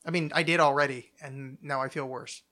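A man's voice: medium pitch, fairly even intonation, brisk, pushed and bright. A man hosting a podcast in casual chat, rambling and self-mocking with jokes. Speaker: podcast host.

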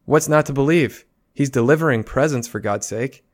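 A man's voice: mid-range voice, moderate pace. A young man co-hosting a casual podcast chat, talking in a thoughtful, rambling way with many restarts. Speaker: podcast co-host.

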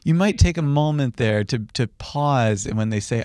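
A young man calmly teaching psychiatry interview skills, acting out gentle example phrases as he explains. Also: medium pitch, moderate pace, clean tone, dry recording, clean studio sound. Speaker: psychiatry educator. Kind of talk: conversational teaching.

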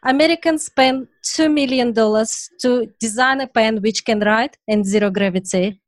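A woman from Russia hosts an interview with a playful, joking manner. Her voice sits a little high. The recording is dry and close. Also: normal speed, no echo. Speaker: interview host. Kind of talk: conversational interview.

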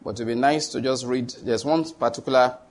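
A man preaching a sermon as pastor, emphatic with sudden loud rises and rhetorical questions. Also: mid-range voice, a little fast.

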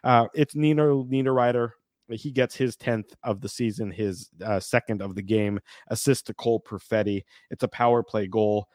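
A man's voice: fairly low pitch, steady tone, normal speed, a little mellow, no room sound, studio quality. A man hosting a hockey post-game show, chatting casually and rambling with lots of fillers and restarts.

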